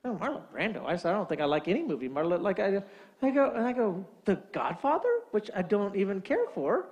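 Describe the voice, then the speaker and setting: A man's voice: high-pitched, lively intonation, fast, a little mellow. A man preaching a sermon, telling a funny story and acting out both sides of a phone call. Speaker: pastor.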